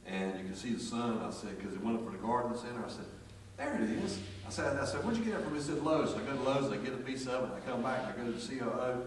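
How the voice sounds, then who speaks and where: A man's voice: medium pitch, very fast, slight background noise. Folksy man preaching in an echoey hall. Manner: folksy, animated storytelling with acted quotes. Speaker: pastor. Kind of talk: storytelling sermon. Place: church sanctuary. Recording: echoey church hall from far off.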